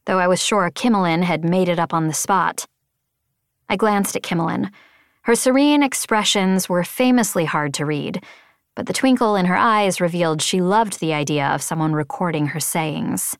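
A woman narrating a first-person novel in a wry, expressive way. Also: fairly low pitch, normal speed, smooth, dry recording, clean studio sound. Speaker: audiobook narrator.

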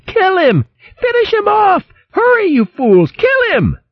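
A man's voice: extremely high pitch, huge pitch swings, slow, gravelly, no room sound, pitched above the performer's own voice, exaggerated voice. A man voicing a panicky male fox vermin leader who sniggers and screams hysterically, on a dull lo-fi recording.

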